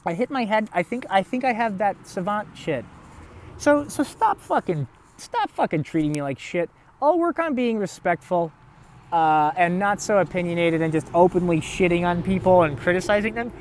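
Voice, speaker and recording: A man rambling in a solo monologue, swearing often and restarting sentences, and speaking in a put-on affected accent with his throat held low. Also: expressive, normal speed, slight background noise. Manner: profane, rambling, restarts and repeats words. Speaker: vlogger.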